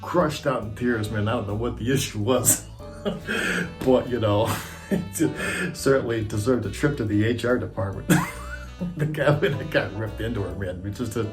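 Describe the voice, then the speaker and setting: A man's voice: on the low side, moderate pace, over music. A man who worked as a monitor technician, telling backstage stories casually, laughing often and swearing freely. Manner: laughs often, profane, animated retelling. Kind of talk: casual storytelling.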